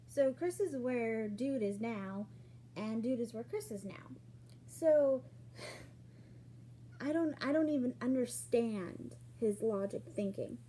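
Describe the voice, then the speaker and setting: A woman telling a personal story in a casual vlog, acting out what people said with sudden jumps in pitch and loudness. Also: a little hiss or hum. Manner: animated, acts out quoted lines with sudden jumps in pitch and loudness.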